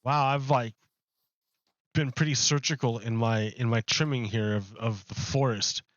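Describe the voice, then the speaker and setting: Slow, rambling male streamer. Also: mid-range voice, fairly even intonation, no room sound, lo-fi sound. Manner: rambling, chatty, with many fillers and restarts. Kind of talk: casual livestream chat while gaming. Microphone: close desk microphone.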